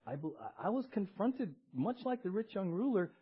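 A man's voice: high-pitched, sing-song, moderate pace, breathy edge. A male pastor preaching a conversational sermon, often checking in with the congregation and having them respond. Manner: conversational, tags lines with "right?" and has the congregation respond. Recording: dull lo-fi recording.

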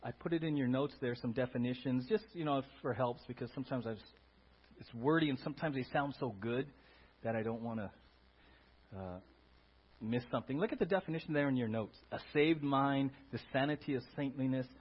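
A male pastor preaching a sermon in a church, playful and animated, swinging between quiet asides and loud bursts. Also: medium pitch, brisk, breathy edge. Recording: dull lo-fi sermon audio.

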